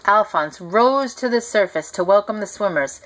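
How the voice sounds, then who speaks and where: A woman reading a picture book aloud to a child, gently talking to the listener as she goes. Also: medium pitch, animated, moderate pace, slight background noise, rough recording. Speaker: reader.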